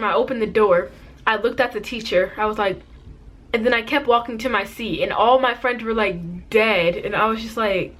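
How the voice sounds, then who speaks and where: A teenage girl vlogger telling a casual storytime, chatty and quick to laugh. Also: medium pitch, fairly bright tone. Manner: chatty, many "like" fillers, laughs easily.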